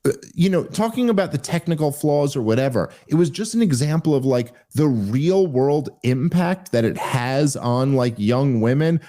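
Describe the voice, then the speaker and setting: A man hosting a podcast, a stand-up comic telling a story in casual conversation, getting more animated as he grows indignant. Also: normal speed. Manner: animated, rising higher when indignant.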